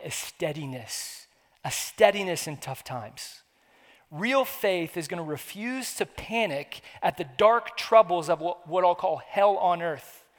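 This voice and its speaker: A man preaching a sermon, his voice sitting high for a man. He talks earnestly and conversationally, circling back to repeat phrases for weight. The sound carries a long hall reverb. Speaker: pastor.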